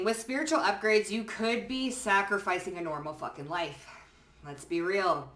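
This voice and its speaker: A woman reads tarot cards in a loose, conversational way, dropping casual swears and checking in with her listeners. Her voice sits fairly low. She is heard a little away from the mic in a roomy, echoing space. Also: fairly even intonation, a little slow, fairly bright tone, recorded from a distance. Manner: chatty, swears casually, frequent "okay?" and "you know what I'm saying?". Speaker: tarot card reader. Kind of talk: casual pick-a-card tarot reading.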